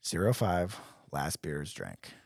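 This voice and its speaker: A man's voice: rumbling low, wildly swooping pitch, a little slow, gravelly, breathy edge, no echo, studio quality. A young man telling stories in casual podcast chat, acting out quotes in different voices. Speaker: podcast co-host.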